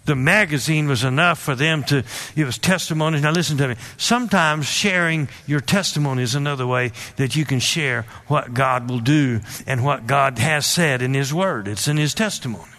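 A man's voice: fairly high pitch, pushed and bright. A man preaching a sermon, telling a personal story with frequent restarts and emphatic calls to listen. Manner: storytelling, repeats words, emphatic asides.

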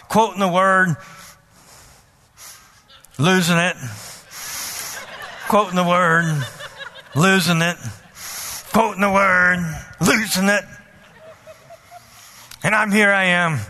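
A man preaching a sermon and telling a personal story. He is animated, repeats words, and bursts into loud pleading. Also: sits high.

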